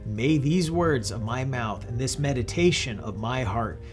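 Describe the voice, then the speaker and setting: A man's voice: medium pitch, animated, unhurried, soft background music. A young man teaching a scripted Bible lesson to children in a friendly, patient way.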